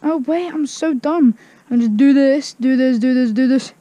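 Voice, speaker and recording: A woman's voice: sits high, normal speed, dark tone, no echo. A woman vlogging in a garden, chatting in a casual, self-mocking way and humming silly tunes. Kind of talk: casual vlog commentary. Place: outdoor garden.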